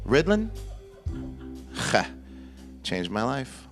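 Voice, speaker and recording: A comedian performing a playful spoken-word comedy poem live on stage, with rhythmic chanted repetitions. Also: male voice, medium pitch, animated, normal speed, fairly bright tone, soft background music.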